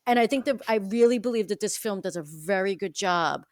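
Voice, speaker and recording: A woman's voice: mid-range voice, brisk, no echo, studio quality. A woman co-hosting a film podcast, chatting casually and acting out scenes from the movie. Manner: animated, acts out scenes with raised voice. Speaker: podcast co-host.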